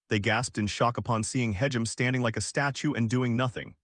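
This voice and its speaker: A man narrating a story recap in a scripted storytelling style, lifting his pitch for the characters' lines. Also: fairly even intonation, brisk, few pauses, fairly bright tone, no echo, studio quality.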